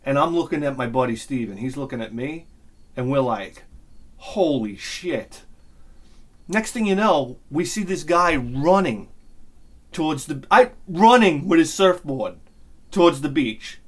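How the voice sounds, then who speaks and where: A middle-aged man, telling a crude, animated story on his vlog, swinging between loud bursts and muttered asides. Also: a little high, normal speed. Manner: crude humor. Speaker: vlogger. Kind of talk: casual storytelling.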